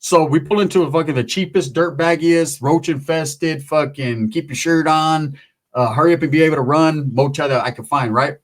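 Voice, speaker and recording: A man's voice: on the high side, normal speed. A man telling a long, profane, rambling story in casual talk, acting out the other people in it.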